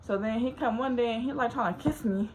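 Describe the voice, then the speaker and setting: A young woman telling a rambling, animated story, filling it with "like.". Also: a little high, a little fast, a little hiss or hum. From Los Angeles. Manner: rambling, says "like" constantly, animated. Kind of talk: casual storytime.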